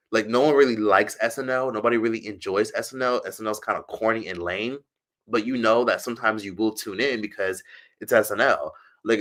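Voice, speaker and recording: Man, casual livestream chatter, sharp bright tone, rambling and profane. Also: fairly low pitch. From United States. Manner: loose, profane, rambling with many "like"s. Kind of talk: casual livestream chat reading comments.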